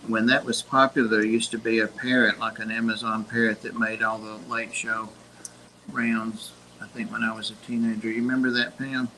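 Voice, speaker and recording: An older man chats on a livestream, wandering from one memory to the next. His voice stays flat in pitch but sounds bright and forward. A faint noise sits under the recording. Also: moderate pace, rough recording. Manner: rambling, reminiscing storyteller. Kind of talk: casual chat.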